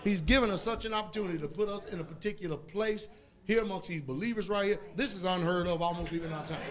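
A man preaching a sermon as pastor, fervent and rising into shouts. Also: high voice, fast talker.

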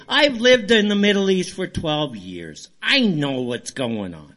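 A man's voice: high voice, big pitch swings, a little slow, fairly bright tone. A man hosting a call-in talk show, ranting in a heated, fired-up way. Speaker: radio show host.

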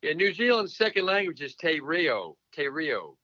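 A man's voice: on the high side, very animated, moderate pace, bright, forceful tone, dry recording. A man hosting a casual podcast panel, quizzing his co-hosts on slang in a stumbling, playful way, often repeating words. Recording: dull, slightly lo-fi dry sound.

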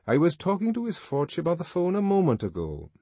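A man's voice: on the high side, sing-song, moderate pace, darkish tone, breathy edge, no echo, voice pushed up. A man voicing a nervous, self-important young official in an audiobook, stiff and fussy in manner. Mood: formal.

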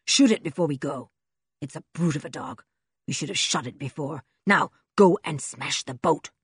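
A woman's voice: low-pitched, moderate pace, slightly rough, no echo, clean studio sound, pitched below the performer's own voice, full character voice. A woman voicing a cruel, mad, red-bearded male villain who snarls orders in an audiobook. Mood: commanding. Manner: snarling, commanding.

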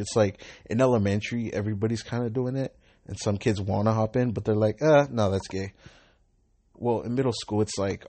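Husky, low-voiced young man rambling profanely. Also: a little mellow, no room sound. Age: 20s. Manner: slangy and profane, loose and rambling. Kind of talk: casual rambling monologue.

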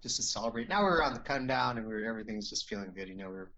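A man's voice: on the low side, expressive, racing, bright, forceful tone, low-quality recording. A man telling a personal story as an interview guest, earnest and rambling, with many restarts and "you know"s.

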